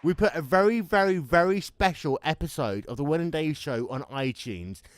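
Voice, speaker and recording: A man hosting a motorsport podcast, casual banter that is crude, loud and teasing. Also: fairly high pitch, lively intonation, moderate pace, no echo. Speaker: podcast host.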